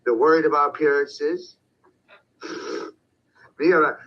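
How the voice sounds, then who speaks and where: A man's voice: mid-range voice, animated, measured pace, pauses often, slight background noise. A man delivering a profane, confrontational monologue as an online commentator. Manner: profane, confrontational, shouting at times. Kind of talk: ranting monologue. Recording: dull lo-fi sound.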